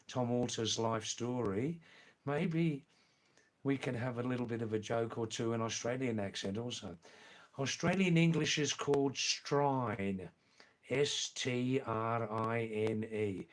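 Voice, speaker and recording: A man hosting a casual live stream, chatting with viewers in a teasing way and repeating phrases for effect. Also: mid-range voice.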